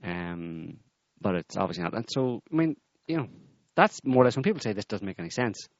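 A man with a lowish voice talks in a sardonic, rambling way, often restarting his sentences. The sound is dull and dry, like a lo-fi recording with no room echo. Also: lively intonation, brisk. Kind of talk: casual political chat.

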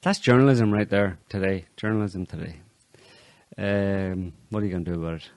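A man's voice: deep voice, fairly even intonation, moderate pace, a little mellow, no echo. A man co-hosting a talk show, chatting casually about politics with brief agreeing interjections and wry asides. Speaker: show co-host.

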